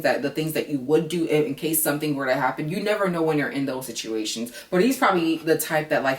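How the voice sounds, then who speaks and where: Low-voiced woman gushing and cussing through a recap. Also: echoey room, distant mic. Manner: chatty, blunt and profane, swings into high emotional exclamations. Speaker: reality show reviewer. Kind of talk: casual recap vlog.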